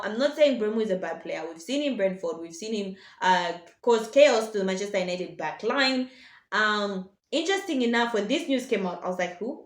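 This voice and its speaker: A woman's voice: mid-range voice, roomy sound. A woman giving casual, opinionated football commentary to her viewers as a vlogger, passionate and blunt. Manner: passionate, blunt, addresses viewers as ladies and gentlemen.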